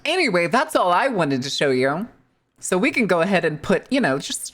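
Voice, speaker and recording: A woman's voice: lowish voice, very animated, moderate pace. A woman streamer from the US Midwest, chatting casually and joking with her live chat, swearing freely as she talks.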